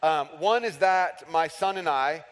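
A man in his thirties delivering a sermon with a fairly high, light voice. He tells humorous, self-deprecating stories from his own life. His voice rings with the long reverb of a large hall. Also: measured pace. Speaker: pastor.

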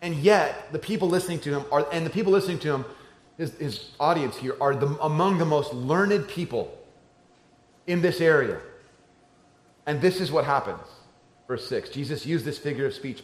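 A man preaching a sermon to a church crowd, talking like a conversation and moving between hushed and emphatic passages. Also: fairly high pitch, animated, moderate pace. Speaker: pastor. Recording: roomy church echo.

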